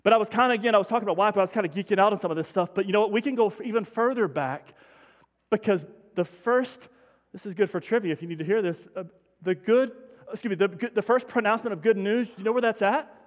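High-voiced preacher in a big hall. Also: male voice, quick pace. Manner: energetic, conversational preaching with emphatic repetition. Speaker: pastor. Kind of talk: sermon.

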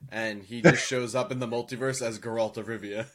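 A man's voice: mid-range voice, fairly even intonation, fairly quick, over a noisy crowd. A man co-hosting a podcast, chatting casually and joking with laughs. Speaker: podcast co-host.

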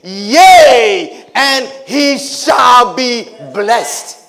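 A man preaching while voicing an alarmed old father, who shouts slow, drawn-out biblical lines. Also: very high-pitched, very animated, vocal fry, full character voice.

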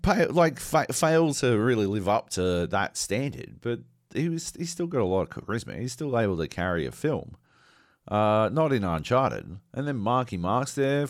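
A man co-hosting a podcast, ranting in a sweary, animated way during casual banter. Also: lowish voice, no echo, studio quality. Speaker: podcast co-host.

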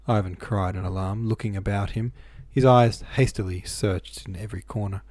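A man reads a novel aloud in a steady, even manner. His voice is low and mellow. The sound is dry and close, with no room around it. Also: moderate pace, few pauses, no room sound. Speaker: audiobook reader. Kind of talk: novel narration.

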